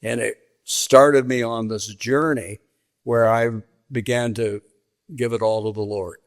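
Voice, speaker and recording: A man's voice: medium pitch, steady tone, a little slow. An older man from western Kansas, a veteran sportscaster telling stories in a sit-down interview and acting out the dialogue he quotes. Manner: vivid storyteller, acts out quoted dialogue.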